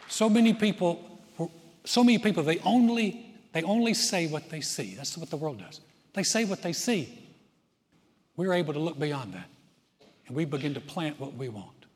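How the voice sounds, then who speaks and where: A man preaching a sermon as pastor, earnest, repeating his phrases and swinging between loud and soft. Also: on the high side, lively intonation, normal speed, a faint crowd. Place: church auditorium. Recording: long reverb of a large auditorium, faint music.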